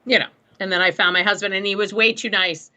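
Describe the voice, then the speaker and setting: Bright-voiced middle-aged woman telling stories. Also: medium pitch, quick pace. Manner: animated storyteller, laughs often. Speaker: guest. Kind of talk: casual podcast chat.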